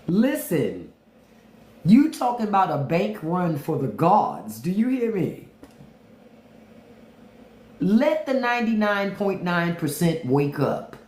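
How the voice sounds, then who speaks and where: A woman hosting a livestream, commenting in an animated, profane, rhetorical way. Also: low-pitched. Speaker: podcast host. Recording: roomy echo.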